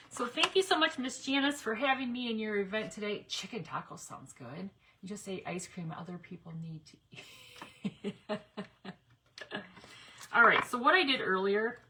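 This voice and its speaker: A woman's voice: mid-range voice, very noisy. A woman chatting with viewers while demonstrating a craft project on a live stream. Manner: chatty, talks while working, addresses viewers directly. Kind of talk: live crafting demo chat.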